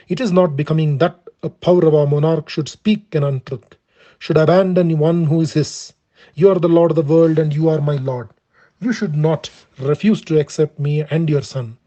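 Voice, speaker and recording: A man reading the part of a wronged, proud young woman pleading for her son, in his own steady, earnest voice. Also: on the high side, lightly acted. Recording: dull lo-fi recording.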